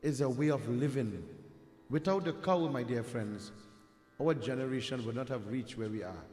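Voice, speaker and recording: A man's voice: medium pitch, normal speed, darkish tone. A man from Trinidad with a Trinidadian accent, telling a devotional story as a sermon in a rhetorical manner. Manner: rhetorical, addresses "my dear friends", asks "huh?". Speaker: Hindu preacher telling a katha. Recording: echoey hall with long reverb.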